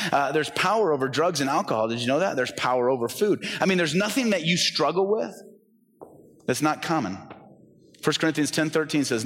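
A pastor in his forties preaching a conversational, animated sermon in a church, often acting out the voices he quotes. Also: fairly high pitch, long reverb tail. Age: 40s.

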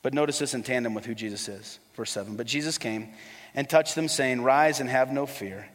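A man preaching a sermon as a pastor. He is animated and sometimes drops to a soft hush. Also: mid-range voice, fairly quick. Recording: long hall reverb.

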